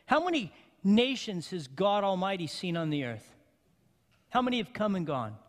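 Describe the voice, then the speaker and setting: A male pastor preaching a sermon in a church, with emphatic call-and-response and slow, deliberate phrasing. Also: sits high, big pitch swings. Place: church sanctuary. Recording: long hall reverb.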